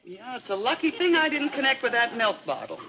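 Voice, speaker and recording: An actress playing a scatterbrained, anxious young housewife in a 1950s TV sitcom, flustered and quick to panic. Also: female voice, fairly high pitch, very animated. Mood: upset. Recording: old TV soundtrack with loud studio audience laughter and hiss.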